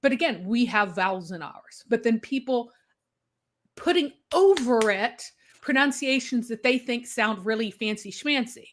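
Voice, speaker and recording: A woman co-hosting a live discussion, explaining points emphatically with quick asides. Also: fairly high pitch, lively intonation, a little hiss or hum. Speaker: co-host.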